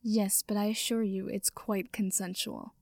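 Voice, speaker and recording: A woman's voice: medium pitch, little pitch movement, a little slow, creaky, darkish tone, no room sound. Woman reader doing a sneering, growling young vampire man in an audio fic, dry close sound. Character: predatory young male vampire, taunting and crude.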